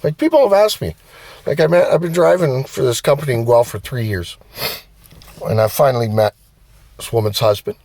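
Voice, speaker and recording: A man's voice: mid-range voice, fairly quick, long pauses, no room sound. A man giving a blunt, profane motivational rant as a vlogger. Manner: blunt, heavy swearing, animated. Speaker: vlogger and driver.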